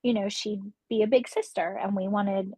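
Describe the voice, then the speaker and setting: A woman's voice: medium pitch, fairly even intonation, normal speed, a little mellow, breathy edge, dry recording, low-quality recording. A woman in her thirties telling a personal story on a podcast, emotional and acting out the voices of the people she quotes. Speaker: podcast guest. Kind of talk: casual interview storytelling.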